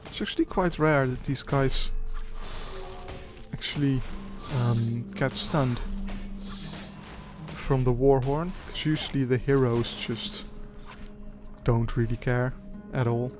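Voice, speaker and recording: A man's voice: medium pitch, takes it slowly, pauses often. A young man giving casual, rambling, crude and jokey commentary over a game he is playing. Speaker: gaming commentator. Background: background music.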